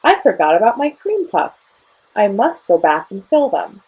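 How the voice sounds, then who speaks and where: A woman's voice: medium pitch, very animated, normal speed, mellow, slightly rough, voice pushed up. A young woman voicing a cheerful, literal-minded housekeeper in a children's storybook reading.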